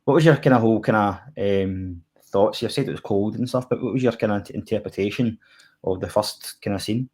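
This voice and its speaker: Speaking fairly quickly in a fairly low, slightly mellow voice, this Scottish podcast co-host chats loosely about a TV episode. His talk rambles, packed with fillers such as "like" and "kinda."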